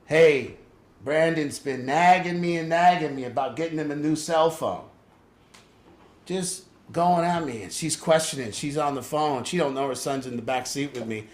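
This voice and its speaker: A man's voice: fairly high pitch, normal speed, roomy sound. A man leading a family group for an addiction program, telling blunt, profane stories and acting out the people in them. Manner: blunt, profane storytelling with voiced impressions.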